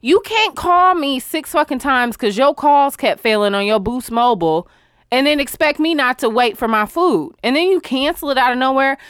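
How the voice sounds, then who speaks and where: A woman hosting a casual talk show, telling a story in an animated, exasperated, profane way. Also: high voice, normal speed, smooth, no room sound, studio quality.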